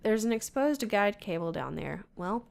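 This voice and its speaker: A woman's voice: mid-range voice, sing-song, normal speed, creaky, darkish tone. A woman casually commenting as she plays a video game, muttering to herself and reading game text aloud. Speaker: let's-play gamer.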